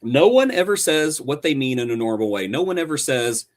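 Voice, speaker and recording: A male podcast co-host reviews a show with animated sarcasm, his pitch ranging widely and his delivery going theatrical for effect. He talks fairly quickly.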